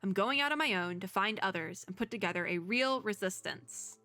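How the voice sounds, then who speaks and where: A determined young rebel who speaks slowly and earnestly, as a woman reads her game lines aloud. The voice is bright and dry. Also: mid-range voice, lively intonation, no room sound, soft background music. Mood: resolute. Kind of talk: reading game dialogue aloud.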